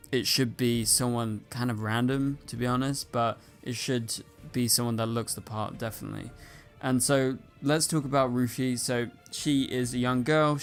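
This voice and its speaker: A man talks casually to his viewers about casting news, in a voice that stays flat and even in pitch. His speech is loose and chatty, full of fillers. Soft music plays faintly behind him. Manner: chatty, filler-heavy with frequent "like" and "you know". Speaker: YouTube host. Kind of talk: casual commentary.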